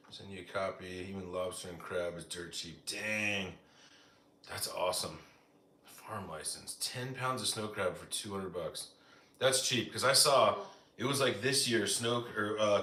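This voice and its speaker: American guy chatting on a live stream, bright voice, says like a lot, echoey room. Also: on the low side. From United States. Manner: chatty, lots of "like" fillers. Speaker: live-stream cooking host. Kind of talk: casual chat reading viewer comments.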